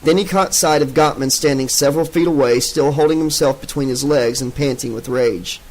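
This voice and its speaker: A man narrating an unabridged audiobook in a steady, even storytelling manner. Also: medium pitch, a little fast, poor audio.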